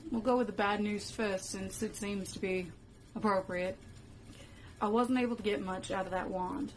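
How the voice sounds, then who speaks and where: A woman's voice: mid-range voice, steady tone, normal speed, a little hiss or hum, close to an everyday voice. A woman playing a laid-back female wizard professor with a casual, folksy way of talking, in a fan-made web drama.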